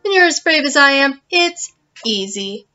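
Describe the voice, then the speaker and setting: A swaggering bird catcher covered in feathers, as a woman puts him on, who brags loudly in a lively, high voice. The recording is slightly muffled, with faint music in the background. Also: moderate pace. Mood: boastful. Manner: boastful, swaggering.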